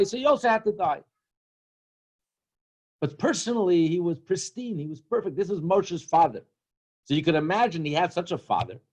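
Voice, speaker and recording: A man giving a sermon as a rabbi, telling humorous stories and acting out their characters in an animated way. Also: on the high side. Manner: storytelling, animated, acts out characters in jokes.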